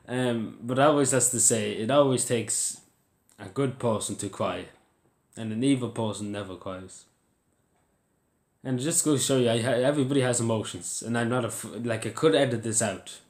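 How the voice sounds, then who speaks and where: A man's voice: medium pitch, moderate pace. An Irish man talking to camera in a casual vlog, emotional and rambling, repeating himself as he goes. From Ireland. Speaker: YouTuber. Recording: roomy echo.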